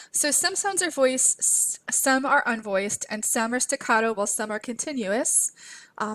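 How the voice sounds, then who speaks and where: A woman instructor giving a recorded lecture over slides, a clear and encouraging teacher who models letter sounds aloud. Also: on the high side, a bit bright, slight background noise. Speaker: literacy instructor.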